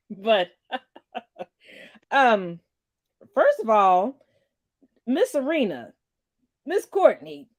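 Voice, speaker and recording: A woman of Caribbean background hosting a casual conversation, playful and lively. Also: on the high side, extremely slow, pauses often, no room sound. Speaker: host.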